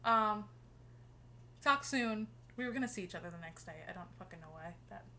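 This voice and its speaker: A young woman casually telling a friend a story, animated, swearing freely and laughing as she talks. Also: mid-range voice, brisk, a little hiss or hum. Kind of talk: casual chat.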